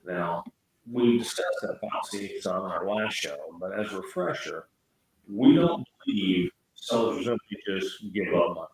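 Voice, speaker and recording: A man's voice: low voice, expressive, moderate pace, a little hiss or hum. A man co-hosting a talk show, chatty and full of fillers. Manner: chatty, many fillers like "you know" and "uh". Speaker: co-host. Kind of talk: casual talk show discussion. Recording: very echoey room.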